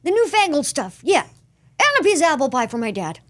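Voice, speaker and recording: A woman voicing an eager boy genius of about ten, with a bouncy, excited delivery. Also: high voice, a little fast, voice pushed up.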